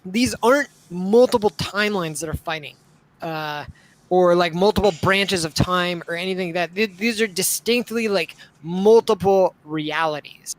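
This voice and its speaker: A man's voice: high-pitched, normal speed, poor audio. A young man co-hosting a casual live-stream discussion, rambling with lots of filler words. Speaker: podcast co-host.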